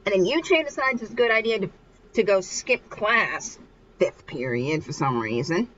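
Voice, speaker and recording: A woman's voice: medium pitch, lively intonation, moderate pace, a bit bright, highs cut off. A young woman casually recapping a manga chapter, rambling and restarting as she goes. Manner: rambling, acts out characters. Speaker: manga reader.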